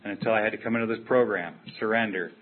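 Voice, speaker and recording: An older man shares his own recovery story at a meeting, speaking candidly and bluntly in a conversational manner. His voice is fairly low and quick, and the recording sounds tinny and phone-like with a faint hiss.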